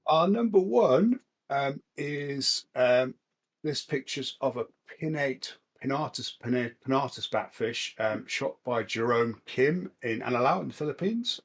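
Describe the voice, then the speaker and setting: A man's voice: medium pitch, a little slow, a bit bright. A man co-hosting a casual chat, praising photos in a reflective, appreciative way. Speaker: co-host.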